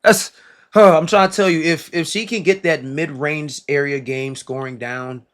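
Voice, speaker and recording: A man casually breaking down basketball footage, excitable and slangy, often repeating himself and laughing. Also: on the high side, normal speed. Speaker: basketball reaction creator.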